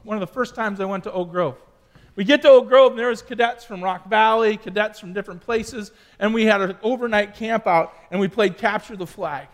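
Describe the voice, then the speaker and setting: A man's voice: sits high, a little fast. A middle-aged man preaching to young cadets, telling a personal story with chatty asides to the audience. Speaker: youth pastor. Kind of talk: sermon to youth cadets.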